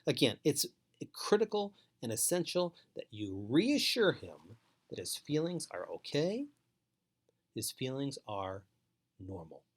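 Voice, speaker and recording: Male trainer, mid-pitched, measured and emphatic, repeats advice for parents. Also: sing-song, breathy edge. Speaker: foster care trainer. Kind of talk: instructional talk to parents.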